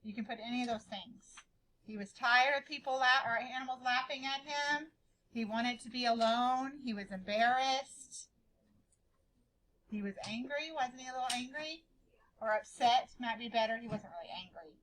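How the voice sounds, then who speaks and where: High, bright-voiced woman teacher. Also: moderate pace, poor audio. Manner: questioning, repeats questions, calls on pupils by name. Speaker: schoolteacher. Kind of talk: classroom reading lesson.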